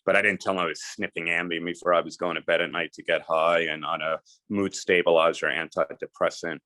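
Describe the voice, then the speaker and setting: Deep-voiced man telling his story earnestly. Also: steady tone, fairly quick, pushed and bright, no room sound. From New Jersey, US. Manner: earnest, emphatic storytelling with casual slang. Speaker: guest. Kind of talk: candid storytelling interview.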